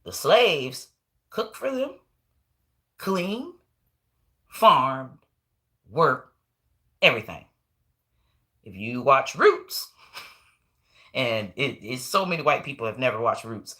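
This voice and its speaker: A woman hosting a comedy show, telling a story in a casual, animated, profane rant full of laughs. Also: a bass voice, takes it slowly, long pauses.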